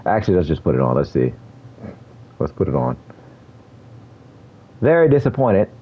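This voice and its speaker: Deep guy chatting over his game, laughs a lot, kinda muffled lo-fi mic. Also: sing-song, moderate pace, husky. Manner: laid-back, laughs often, slangy and chatty. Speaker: gaming streamer. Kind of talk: casual gameplay commentary.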